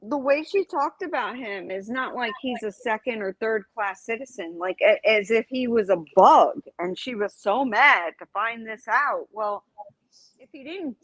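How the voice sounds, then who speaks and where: A woman's voice: on the high side, animated, measured pace, fairly bright tone, dry recording, poor audio. A woman in heated casual livestream chat, speaking bluntly and indignantly with plenty of profanity.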